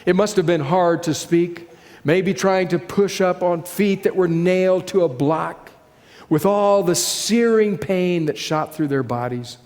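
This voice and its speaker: A man preaching with a fairly high voice, building scenes dramatically and then dropping low and slow for weight. His words carry a long reverb that hangs in a large hall. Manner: dramatic, slowing and dropping softly on key phrases. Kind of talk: sermon.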